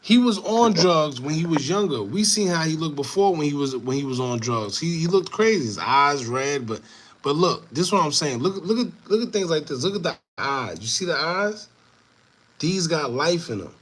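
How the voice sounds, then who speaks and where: A man hosts an online commentary show, chatting casually with viewers in an animated, repetitive style and dropping in laughing asides. His voice sits on the high side and he talks at a normal speed.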